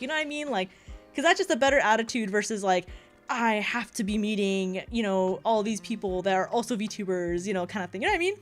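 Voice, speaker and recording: A young woman streaming casually as a VTuber, talking fast and rambling with frequent giggles and lots of fillers. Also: mid-range voice, lively intonation, soft background music.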